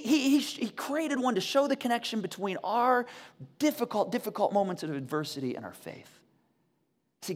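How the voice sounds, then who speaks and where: Male pastor, animated sermon delivery, dramatic hushed moments, long hall reverb. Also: sits high. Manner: animated storytelling, acts out quotes, drops to near whisper.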